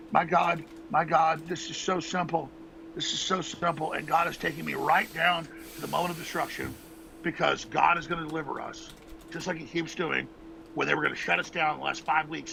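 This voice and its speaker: A gravelly man who rants at a strained, raised pitch, pleading with his listeners in a repetitive, swearing torrent. The recording carries noticeable background hiss. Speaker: host. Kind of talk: impassioned ranting monologue.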